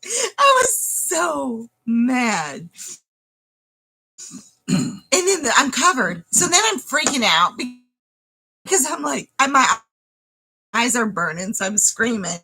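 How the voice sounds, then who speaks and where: Bright, lively woman telling a story. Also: on the high side, moderate pace, long pauses, breathy edge, low-quality recording. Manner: animated, dramatic storyteller who addresses viewers directly. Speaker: homestead vlogger. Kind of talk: casual storytelling to camera.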